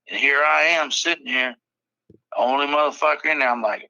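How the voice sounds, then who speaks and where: A man's voice: on the high side, moderate pace, vocal fry, bright, forceful tone, no echo, muffled recording. A man in a casual podcast chat, telling rambling stories full of swearing. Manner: profane, rambling storyteller. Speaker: podcast guest or co-host.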